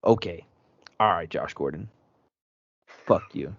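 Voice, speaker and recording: A man's voice: sits low, slow pace, fairly bright tone, no echo. A man hosting a sports podcast, telling a story as a heated, profane rant. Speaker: podcast host. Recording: dry, dull lo-fi sound.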